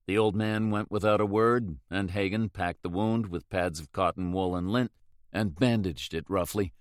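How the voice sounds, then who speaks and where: Male narrator, low and steady, dry close read. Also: smooth, dry recording. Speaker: audiobook narrator. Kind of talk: scripted narration.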